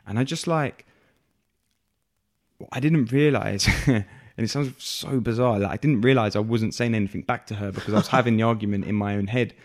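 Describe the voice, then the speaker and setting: Guy in his 20s, talks slow and reflective, lots of "you know". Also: lowish voice. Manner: reflective, many fillers and restarts. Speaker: guest. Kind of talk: candid podcast conversation.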